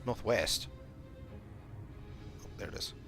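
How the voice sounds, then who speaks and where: A man's voice: slow pace, fairly bright tone, faint music behind. A man chatting casually as a gaming streamer, self-mocking and humming to himself as he plays.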